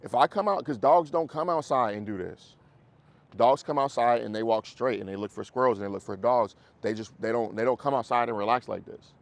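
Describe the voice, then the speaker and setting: A man, a dog trainer coaching a group class in a casual way, animated and acting out dogs and owners, with casual swearing. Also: mid-range voice, a little fast, vocal fry.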